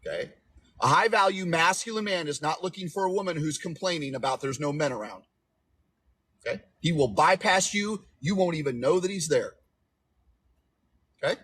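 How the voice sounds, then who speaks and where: A man in his forties speaks with a slightly high, husky voice as he gives relationship coaching on a livestream. He is emphatic and repetitive, and he keeps checking in with his viewers. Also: lively intonation, normal speed, pauses often, a bit bright. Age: 40s. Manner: emphatic, repetitive, preachy, asks "okay?" often. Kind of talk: livestream advice talk.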